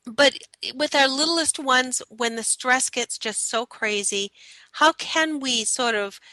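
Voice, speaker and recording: A woman's voice: mid-range voice, sharp tone, no room sound, rough recording. A woman hosting a radio interview, talking conversationally and asking questions. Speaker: radio show host.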